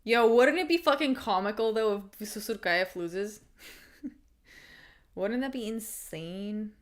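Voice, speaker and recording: A woman hosting a live fight watch-along, chatting excitedly, swearing casually and laughing often. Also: medium pitch, unhurried. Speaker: livestream host.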